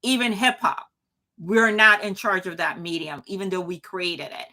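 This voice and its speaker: A woman's voice: medium pitch, steady tone, normal speed, sharp tone. A woman hosting a live commentary show, talking emphatically with frequent restarts and replies to chat. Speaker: show host.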